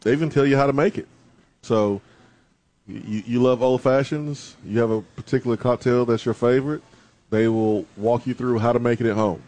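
A man's voice: medium pitch, steady tone, moderate pace, dark tone. A man, a sports radio co-host bantering and teasing on a live broadcast from a bar. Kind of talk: casual sports talk banter.

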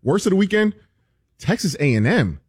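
Husky-voiced man in sports talk. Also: high voice, sing-song, moderate pace, a little mellow, dry recording, clean studio sound. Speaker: sports show co-host.

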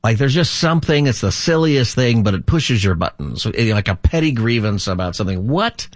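A man's voice: medium pitch, expressive, fairly quick, no echo, clean studio sound. A middle-aged man hosting a call-in radio talk show as a pastor, rambling and chatty, laughing easily.

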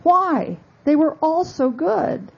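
A woman's voice: high-pitched, lively intonation, slow, vocal fry, dull audio, voice pushed up, exaggerated voice. A woman putting on a genteel evasive old queen. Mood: airy. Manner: genteel, breezy, deflecting. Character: elderly queen, polite and evasive.

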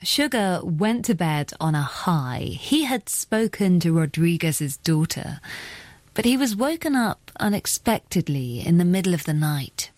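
Low-voiced woman narrating a podcast. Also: sing-song, measured pace, darkish tone, no echo. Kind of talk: scripted narration and interviewing. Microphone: dry studio mic.

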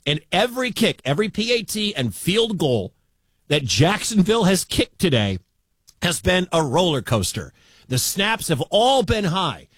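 Excitable high-voiced radio sports man. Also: no room sound. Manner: excitable, shouts at big plays. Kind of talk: live play-by-play radio commentary.

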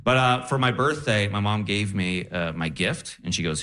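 A young man performing a stand-up set on stage, animated and laughing as he acts out voices. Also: lowish voice, moderate pace. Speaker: stand-up comedian. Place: comedy stage before a live audience.

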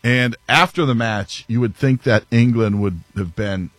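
A man's voice: medium pitch, measured pace, fairly bright tone, no room sound. A man hosting a sports talk show, telling stories with a self-mocking streak and laughing often. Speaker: sports radio host. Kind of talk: casual talk show banter.

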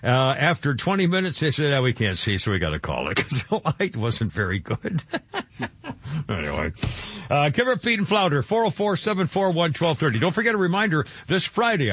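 Older guy radio host, kinda high voice, rambles and chuckles a lot, dull lo-fi radio sound. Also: a bit bright, slightly rough. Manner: rambling, chuckling, full of restarts. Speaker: radio talk show host. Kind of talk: casual talk radio chat. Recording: dull lo-fi radio broadcast, dry.

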